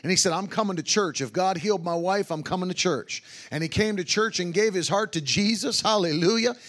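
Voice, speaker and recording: A man's voice: high voice, a little fast, fairly bright tone. A man, a traveling revival preacher, telling testimonies with fervor and bursts of hallelujah. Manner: fervent, exclaims hallelujah, quotes others in his own voice. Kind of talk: testimony-driven sermon storytelling.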